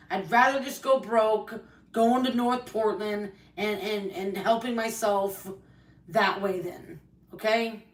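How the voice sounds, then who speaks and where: A woman with a medium-pitched voice rants on a livestream, angry and tearful, swearing often as she talks about her family and how hurt she is. She's on a distant mic in an echoey room.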